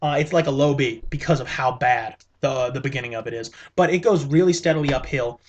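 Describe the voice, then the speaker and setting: A man's voice: medium pitch, a little fast. A man reviewing a movie in a casual vlog, rambling and enthusiastic, with many fillers and restarts.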